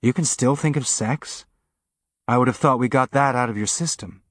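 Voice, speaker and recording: A man voicing a calm, steady woman who is a spaceship engineer, speaking in a measured, gently firm way. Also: medium pitch, no room sound, lightly acted.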